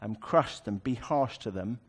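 A man's voice: medium pitch, expressive, measured pace, husky. A man preaching a sermon, explaining a scripture passage in a conversational way with wry asides.

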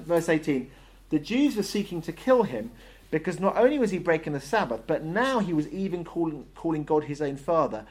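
A man's voice: a little high, a little mellow. Conversational male preacher. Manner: conversational, acts out short voiced dialogues. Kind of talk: sermon.

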